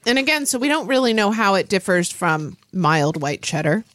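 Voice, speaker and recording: A woman with a lively, swooping voice and a middle pitch, chatting casually as a podcast co-host. She keeps asking curious questions. The recording is close and dry. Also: moderate pace, no room sound. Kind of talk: casual chat.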